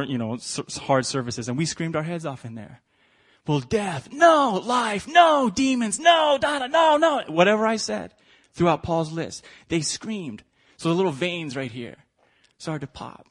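A middle-aged male pastor preaching a sermon, swinging from quiet reflection to shouted emphasis. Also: medium pitch.

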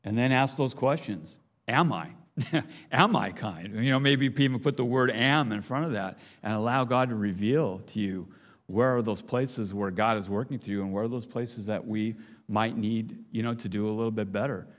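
A man's voice: on the low side, normal speed. An older man giving a conversational, earnest sermon, with frequent restarts and asides. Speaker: preacher. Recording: long hall reverb.

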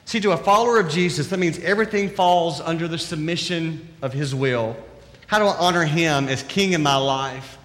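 A man's voice: fairly high pitch, moderate pace, fairly bright tone. Southern man preaching in a reverberant hall. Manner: earnest, conversational, many rhetorical questions. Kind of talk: sermon.

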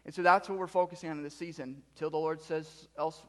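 A pastor preaching a sermon and talking with his congregation. He moves from quiet reflection to loud, emphatic preaching. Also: fairly high pitch, steady tone, fast, in a large hall. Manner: interacts with the congregation.

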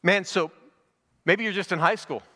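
A man's voice: high-pitched, moderate pace, bright, forceful tone, big-room sound. A middle-aged male pastor giving a conversational verse-by-verse sermon, asking rhetorical questions as he goes. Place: church sanctuary.

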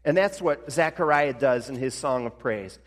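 A male pastor preaching a sermon in a conversational way, slowing down for emphasis. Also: medium pitch, animated. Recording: long reverb of a large hall.

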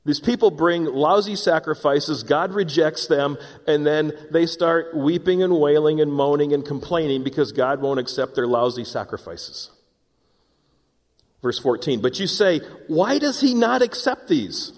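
Dramatic preacher in a reverberant hall. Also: male voice, a little high, a little slow, a little mellow. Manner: earnest, dramatic, acts out voices of scripture and sighs. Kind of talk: sermon.

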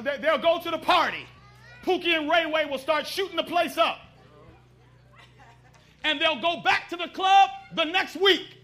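A man's voice: extremely high pitch, pushed and bright. A middle-aged man preaching a sermon fervently, calling out for responses from the congregation.

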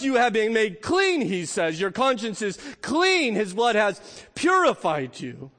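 A middle-aged man preaching a sermon as pastor, swinging from emphatic peaks to quiet, light asides. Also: high voice, wildly swooping pitch, unhurried, few pauses. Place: church sanctuary. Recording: long reverb of a church hall.

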